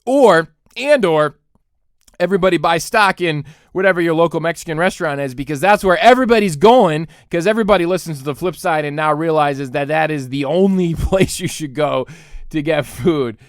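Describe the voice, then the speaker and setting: Animated joking man with a smooth voice. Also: a little high, brisk, no echo, studio quality. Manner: animated, joking, laughs often. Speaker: podcast host and pastor. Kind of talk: comic podcast rant.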